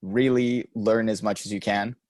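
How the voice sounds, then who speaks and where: A man's voice: fairly low pitch, fairly even intonation, normal speed, darkish tone, dry recording. A young adult man co-hosting a podcast, telling rambling stories in casual chat and laughing often. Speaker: podcast co-host.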